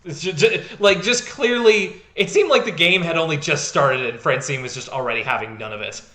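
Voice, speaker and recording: A man's voice: mid-range voice, quick pace, sharp tone, echoey room. A man co-hosting a podcast in casual chat, rambling with lots of fillers and laughing easily. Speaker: podcast co-host.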